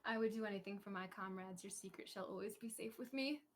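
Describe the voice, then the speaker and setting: A woman's voice: mid-range voice, a little fast, slight background noise, natural voice. A woman voicing a devoted young adventurer in a tabletop game, speaking earnestly and formally.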